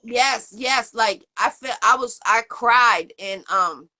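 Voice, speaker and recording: A woman from the area hosts a casual interview, her clear as she rambles cheerfully through shout-outs and "um"s. Her voice sits a little high and sounds bright and forceful. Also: takes it slowly. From Boston area, USA. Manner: rambling, upbeat, full of shout-outs and fillers. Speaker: interview show host.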